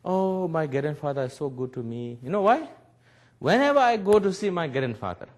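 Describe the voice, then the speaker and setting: A man's voice: fairly high pitch, big pitch swings, moderate pace. A man in his forties, a Buddhist teacher giving a public talk in broken English, telling stories and laughing often. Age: 40s. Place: webcast lecture.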